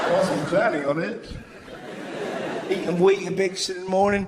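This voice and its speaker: High-voiced stand-up comedian, shouting. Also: male voice, a little slow, background noise. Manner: animated, acts out voices, shouts punchlines. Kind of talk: live stand-up set. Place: large live venue stage. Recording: roomy live venue with loud ambience.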